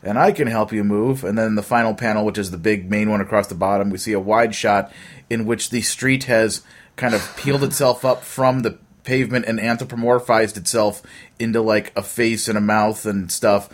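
Lowish male voice, steady storyteller. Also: normal speed. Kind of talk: casual chat.

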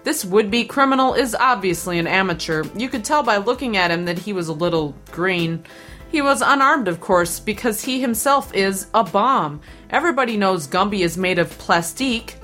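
A woman's voice: medium pitch, moderate pace, faint music behind. Woman reading wry comic news. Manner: wry, deadpan news delivery with punchlines. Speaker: podcast co-host.

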